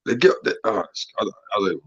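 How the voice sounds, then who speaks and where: Animated low-voiced man, dull sound. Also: fast talker, husky. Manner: animated, questioning, laughs often, says "bro" and "man". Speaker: podcast co-host. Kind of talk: casual chat.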